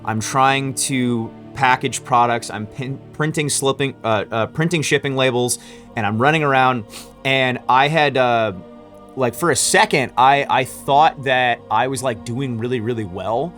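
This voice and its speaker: A man tells a story in a casual vlog about running his own business. His pitch sits in the middle, and his talk rambles with lots of fillers and false starts. Faint music plays underneath. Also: unhurried, a bit bright. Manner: rambling, with frequent restarts and fillers. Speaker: small business owner.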